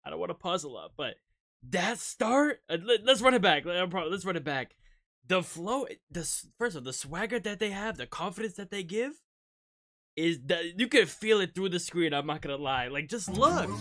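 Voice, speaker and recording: An excitable reactor talking through a music video in casual commentary. The pitch swings widely as excited outbursts pile up, and the video keeps getting paused for another look. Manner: excitable, exclaiming and pausing often.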